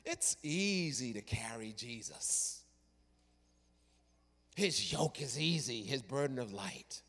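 A man's voice: mid-range voice, animated, slow pace. Man preaching with long church reverb. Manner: dramatic storytelling, swings from loud to hushed. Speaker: pastor. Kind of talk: sermon.

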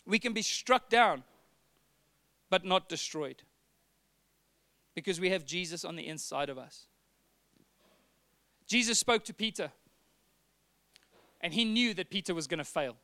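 A man's voice: sits high, pushed and bright. A man preaching a sermon, earnest, acting out the dialogue he quotes. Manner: earnest, acts out quoted dialogue, some repeated words.

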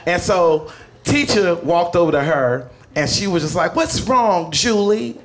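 A man's voice: on the high side, a little slow, a little hiss or hum. A man telling a funny personal story live, swearing freely and laughing as he talks. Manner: profane, animated, laughs mid-sentence.

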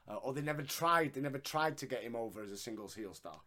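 A man's voice: mid-range voice, animated, fast talker, pushed and bright. A man co-hosting a casual wrestling review, laughing often and swearing freely. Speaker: podcast co-host.

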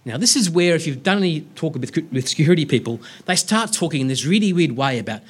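A man giving a storytelling public science lecture, lively and humorous, with wry self-deprecating asides. His voice sits fairly high and has a slightly husky edge. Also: quick pace, hardly any pauses.

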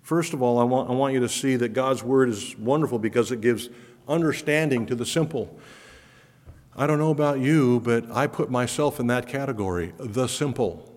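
A man's voice: mid-range voice, normal speed, darkish tone. A man preaching a sermon as pastor, earnest and emphatic, with his voice swelling when he speaks of wonder and awe. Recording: long hall reverb.

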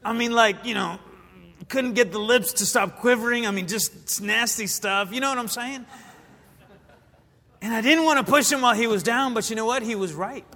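A pastor preaching a sermon, animated, with frequent fillers and asides to the congregation. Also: male voice, very high voice, normal speed. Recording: long reverb of a large hall.

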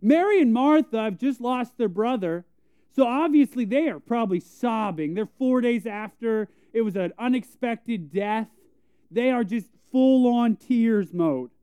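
A man's voice: very high-pitched, expressive, measured pace, warm tone, smooth, dry recording. A young man preaching a conversational sermon, telling self-deprecating stories and acting out quotes. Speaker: pastor. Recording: tinny phone-like sound.

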